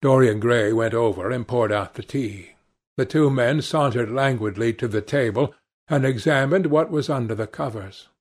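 A man narrating a classic novel for an audiobook in a measured, expressive way. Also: medium pitch. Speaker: audiobook reader.

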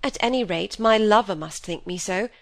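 A woman's voice: medium pitch, moderate pace, close to an everyday voice. A woman reading an audiobook, voicing a wilful, proud young woman who talks with bitter passion. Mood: defiant. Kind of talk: audiobook character voice.

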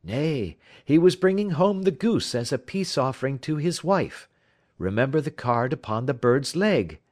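A man doing a crisp, lecturing detective. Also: medium pitch, lively intonation, moderate pace, darkish tone, voice pushed up, natural voice. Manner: precise, explanatory. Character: confident, incisive male detective, lecturing.

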